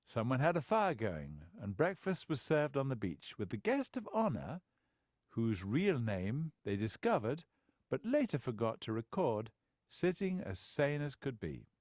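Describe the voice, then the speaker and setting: With a wry touch, a male narrator performs scripted storytelling, his intonation lively and widely varied. He speaks in a mid-range voice at a measured pace, in a close, dry recording with no echo.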